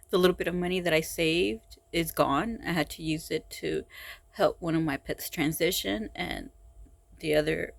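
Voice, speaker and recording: A woman speaking in a personal vlog, tired and frustrated, talking haltingly with many sighs and restarts. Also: sits low, vocal fry, no room sound. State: exhausted and frustrated. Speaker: vlogger.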